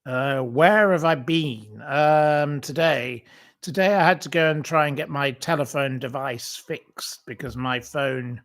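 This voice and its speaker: A man with a medium-pitched, slightly bright voice talks a little slowly on his own channel. Chatting casually with viewers in a livestream, he tells a rambling story packed with fillers and false starts.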